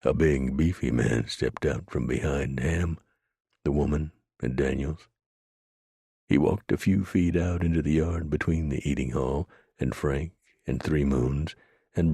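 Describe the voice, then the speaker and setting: Male audiobook narrator, extremely low voice, gravelly, steady grave storytelling, close dry mic. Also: no room sound.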